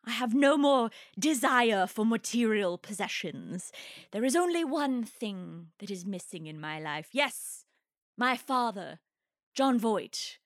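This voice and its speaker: A woman's voice: a little high, lively intonation, takes it slowly, dry recording, clean studio sound. A woman voicing a haughty, grandiose wealthy female treasure hunter in a theatrical comic improvised monologue.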